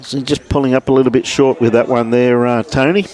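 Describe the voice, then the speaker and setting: A man with an Australian accent giving relaxed live lawn bowls commentary indoors at a club, calling the play and greeting viewers by name. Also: medium pitch, brisk.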